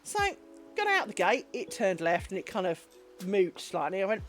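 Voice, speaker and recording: Lively rambling woman storyteller. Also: medium pitch, normal speed, faint music behind. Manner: rambling anecdotal storytelling with frequent ums. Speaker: crafting livestreamer. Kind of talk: casual chat while crafting. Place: home craft stream setup.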